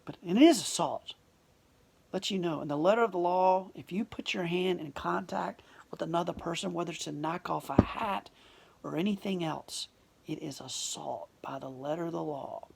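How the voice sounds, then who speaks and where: A woman telling a personal story in an emotional, confessional way, often dropping to a hushed near-whisper. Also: lowish voice, normal speed, creaky, husky.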